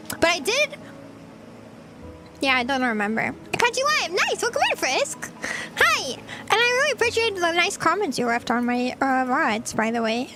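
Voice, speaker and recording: A woman's voice: very high-pitched, bright, forceful tone. A woman VTuber streamer chatting casually with viewers while she eats, giggly and rambling. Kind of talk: casual livestream chat.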